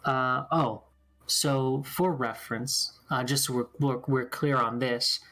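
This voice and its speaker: A man with a gravelly, creaky voice narrates a tabletop game as game master. He talks in a relaxed, halting way, full of ums and restarts. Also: mid-range voice.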